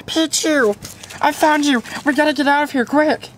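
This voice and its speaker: A woman voicing an excitable player character in a fan-made puppet drama. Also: a little hiss or hum. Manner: excitable, quick shifts in pitch.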